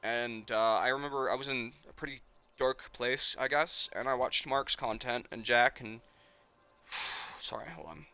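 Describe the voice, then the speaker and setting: A man's voice: medium pitch, unhurried, creaky, sharp tone, smooth. A man in his twenties, a streamer, chatting casually and emotionally in a rambling way and swearing often. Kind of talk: casual nostalgic chat.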